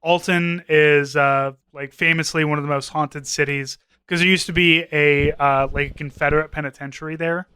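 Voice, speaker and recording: A man co-hosting a podcast in a loose, rambling way, retelling scenes and tossing in quoted lines. His voice is bright and smooth, a little higher than most men's, and the sound is dry and close. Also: steady tone, normal speed, hardly any pauses, no echo. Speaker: podcast co-host. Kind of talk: casual chat.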